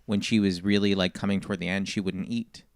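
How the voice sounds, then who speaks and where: Comedian, male, deep smooth voice, lively anecdote teller, dry studio sound. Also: quick pace, dry recording. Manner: animated storyteller, quotes people. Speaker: comedian guest. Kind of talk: casual storytelling.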